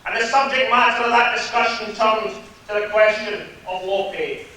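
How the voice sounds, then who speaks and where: A man's voice: high-pitched, fairly even intonation, normal speed, bright, forceful tone. A Scottish man giving a political rally speech in a hotel hall, rhetorical and sarcastic. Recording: very echoey hall from far off, faint noise.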